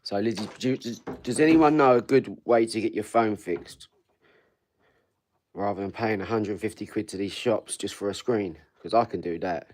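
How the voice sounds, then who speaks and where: A man's voice: fairly low pitch, normal speed, darkish tone. A man in his forties hosting a casual live stream. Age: 40s. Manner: blunt, rambling, swears freely, talks to viewers. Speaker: livestream host. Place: home front room.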